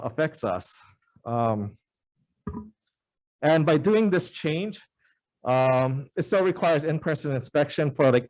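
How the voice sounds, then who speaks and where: A man of mid-range pitch testifies before a legislative committee. He speaks earnestly but haltingly, leaning on frequent "uh" fillers as he works through his points. His tone is plain and conversational rather than polished. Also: a little mellow. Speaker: member of the public testifying. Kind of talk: public hearing testimony.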